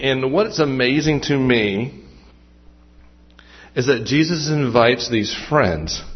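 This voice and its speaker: Husky guy preaching a sermon, chatty and self-mocking, kinda muffled lo-fi sound. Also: medium pitch. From Western Maryland. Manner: conversational, self-deprecating, with restarts and asides. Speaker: pastor.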